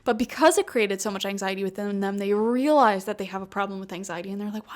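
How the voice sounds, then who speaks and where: A woman's voice: mid-range voice, fast. A woman giving a casual tarot reading to her viewers, chatty and laughing often, with lots of "like" and "you know". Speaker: tarot reader. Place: home room with a cat.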